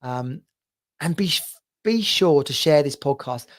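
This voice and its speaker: A man's voice: fairly high pitch, animated, slow pace. A man hosting a podcast, giving an earnest motivational monologue as a men's coach and speaking straight to the listener.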